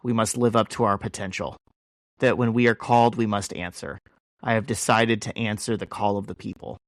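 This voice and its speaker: A man reading out Captain America's acceptance speech in a calm, measured way, close to his own voice. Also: on the low side, no echo, lightly acted. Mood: solemn. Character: Captain America, heroic adult male leader giving a speech.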